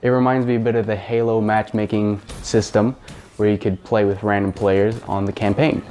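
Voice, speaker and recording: A man's voice: lowish voice, level tone, moderate pace, mellow, slight background noise. A man hosting a casual spoken game review, talking in a chatty, rambling way with fillers and the odd swear word. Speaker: gaming channel host.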